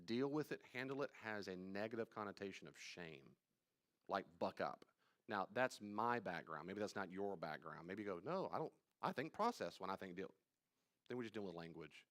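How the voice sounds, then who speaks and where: Emphatic pastor teaching a study class. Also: male voice, fairly low pitch. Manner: emphatic and repetitive, swinging from loud stresses to quiet asides; conversational, addresses listeners directly.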